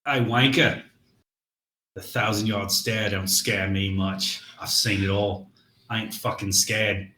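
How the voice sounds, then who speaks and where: A man's voice: on the low side, fairly even intonation, slow pace, sharp tone, roomy sound, a little hiss or hum, voice pushed down. A man putting on a British accent to voice a bitter, boastful, foul-mouthed male mercenary soldier. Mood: bitter ranting. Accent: put-on British. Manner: profane, boastful ranting.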